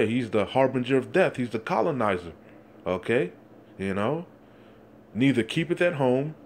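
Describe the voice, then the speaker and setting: A man's voice: medium pitch, a little hiss or hum. Man preaching, peppering lines with "you see?". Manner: reads verses slowly, breaks in with constant "you see?" and "man". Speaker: street preacher. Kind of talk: fiery scripture exposition.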